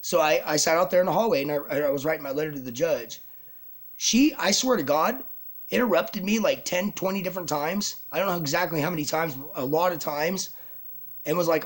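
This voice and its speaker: A man's voice: a little high, a little fast. A man telling a personal story on camera in an agitated, rambling way, swearing a lot and restarting his sentences. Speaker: vlogger.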